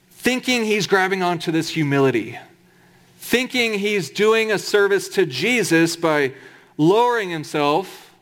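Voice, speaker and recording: A man's voice: a little high, fairly bright tone. A man preaching a sermon in a conversational, humorous way, with emphatic asides.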